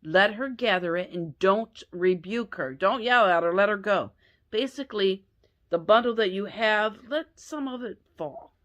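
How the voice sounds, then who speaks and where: A woman retells a Bible story for her listeners in an easygoing, unhurried way. She corrects herself and drops in chatty asides, and her voice sits at an ordinary middle pitch. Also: fairly bright tone.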